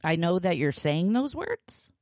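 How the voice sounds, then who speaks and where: A woman's voice: fairly low pitch, big pitch swings, a little slow, a little mellow, no room sound, clean studio sound. A young woman co-hosting a podcast, talking in a sarcastic, complaining way and mimicking other people. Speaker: podcast co-host. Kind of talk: casual chat.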